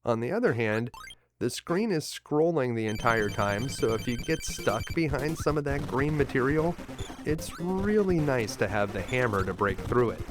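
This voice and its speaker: A man host narrating a scripted video game walkthrough in an upbeat, lightly joking way, over clear game music. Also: medium pitch, wildly swooping pitch, moderate pace.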